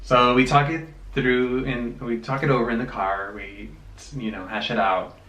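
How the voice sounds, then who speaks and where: A young man in a casual storytime vlog, relaxed and hesitant with many fillers. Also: medium pitch, normal speed. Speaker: vlog co-host. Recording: roomy sound from a distance.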